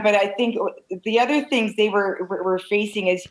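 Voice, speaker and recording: A woman answers interview questions in an open, animated way, tumbling through stories with frequent restarts. Her pitch sits mid-range, neither high nor low. She talks like a real estate broker-owner speaking from a video call. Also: normal speed, poor audio. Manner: animated, candid storytelling with many restarts.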